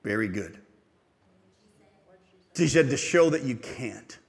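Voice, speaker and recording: A man preaching a sermon as pastor, animated and asking the congregation rhetorical questions. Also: mid-range voice, slow pace, gravelly, long reverb tail.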